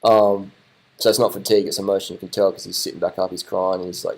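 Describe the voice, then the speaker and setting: Excited man commentating. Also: on the low side, normal speed, creaky, long pauses. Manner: excited, repeats himself, swears casually. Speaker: commentator reacting to race footage. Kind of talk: casual live commentary.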